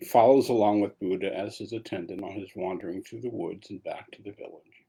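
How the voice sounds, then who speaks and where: A man's voice: lowish voice, a little fast, creaky, warm tone, breathy edge. A man giving a dharma talk as a meditation teacher, telling a story in a casual way with asides.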